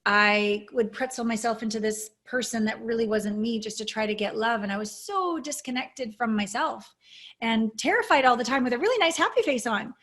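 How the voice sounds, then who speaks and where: Earnest woman coach sharing her story. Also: on the high side. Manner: earnest, reflective, openly emotional. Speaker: intimacy coach, guest. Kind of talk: interview storytelling.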